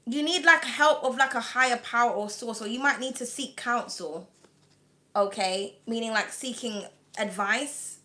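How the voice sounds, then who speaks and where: A woman's voice: on the high side, normal speed, pushed and bright. A British woman with a slightly whiny voice, chatting loosely through a live tarot reading with lots of fillers and frequent laughs. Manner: chatty and rambling, full of "like" and "um", laughs often. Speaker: tarot reader.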